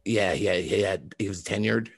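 A man's voice: sits low, normal speed, gravelly, breathy edge, no room sound. A man from Boston who grew up in the South, telling stories in casual, profane podcast chat. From Boston, raised in the US South from age eleven. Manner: profane, laughing storyteller who talks in restarts. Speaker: guest, video maker.

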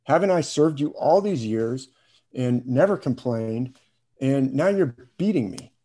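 A man's voice: mid-range voice, lively intonation, measured pace, dark tone. A man voicing a weary female donkey who complains plainly about being beaten. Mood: plaintive. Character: weary female donkey, put-upon and reasonable.

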